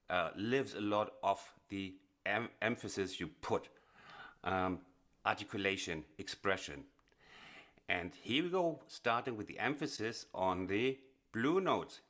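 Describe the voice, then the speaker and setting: Low-voiced man teaching piano. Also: a bit bright. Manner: chatty, with frequent fillers and restarts. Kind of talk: casual instructional explanation. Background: piano playing.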